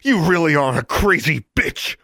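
A man's voice: on the high side, lively intonation, normal speed, pushed and bright, dry recording, clean studio sound, pitched above the performer's own voice, full character voice. A man voicing a fierce, defiant teenage witch girl who taunts and snarls in a storybook reading. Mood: furious.

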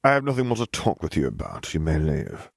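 A cold, cryptic wizard, read by a man speaks in a deep, gravelly voice. He is measured and aloof, with a faint menace under every word. The sound is dry and close. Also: wildly swooping pitch, no echo, heavily acted. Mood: cool, cryptic. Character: cryptic, cold middle-aged male wizard.

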